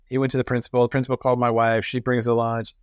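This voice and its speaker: A middle-aged man telling stories as a podcast guest, animated and acting out the voices of people he quotes. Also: medium pitch, very fast, clear, resonant tone, no echo, clean studio sound. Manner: frequent restarts and repetitions. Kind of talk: conversational storytelling.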